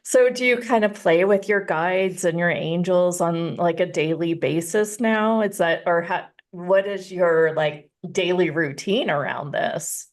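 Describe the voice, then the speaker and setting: A woman hosts a casual talk show interview, with a voice a little lower than most. She reacts with encouragement and asks her guest curious, friendly questions. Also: measured pace, hardly any pauses.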